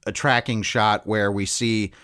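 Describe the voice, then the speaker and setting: A man's voice: fairly low pitch, steady tone, normal speed, fairly bright tone. A man co-hosting a podcast, talking loosely in a casual film discussion, with lots of "um" and restarts. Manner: loose and chatty, many fillers and restarts. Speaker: podcast co-host.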